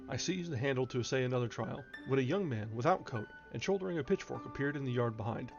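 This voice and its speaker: Casting: male stream reader, measured delivery with small stumbles, slightly dull lo-fi audio. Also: medium pitch, lively intonation, gravelly, music in the background. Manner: measured reading with occasional stumbles and restarts. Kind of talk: reading a classic novel aloud on a stream.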